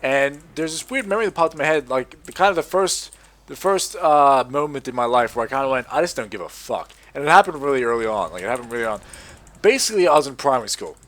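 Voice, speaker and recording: Sweary Australian gamer, rambling. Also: male voice, mid-range voice, fast. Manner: rambling, sweary, animated outbursts. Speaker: gaming commentator. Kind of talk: casual gameplay commentary.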